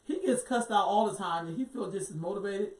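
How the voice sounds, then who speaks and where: A middle-aged woman co-hosts a casual talk show. She tells stories with animated, acted-out quotes. Her voice sounds distant and roomy. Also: medium pitch, a little fast. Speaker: co-host. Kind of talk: casual chat. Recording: echoey room, distant mic.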